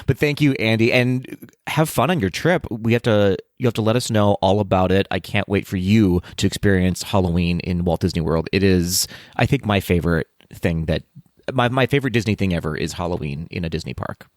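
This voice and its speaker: A playful man from the United States co-hosts a casual podcast and laughs easily. His voice sits somewhat low. The recording is dry and close to the mic. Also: a little fast, dry recording. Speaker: podcast co-host.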